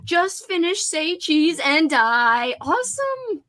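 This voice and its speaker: A woman's voice: very high voice, sing-song, takes it slowly, a bit bright. A woman hosting a casual livestream hangout, chatty and giggly, reading out viewers' comments. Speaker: host. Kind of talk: casual livestream chat with guests.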